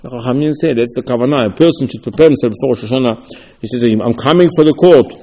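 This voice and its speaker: A man teaching a sermon as a rabbi, acting out the dialogue animatedly. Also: quick pace. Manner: animated, dramatizing dialogue with swings in pitch and loudness. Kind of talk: sermon with acted-out quotes. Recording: long hall reverb.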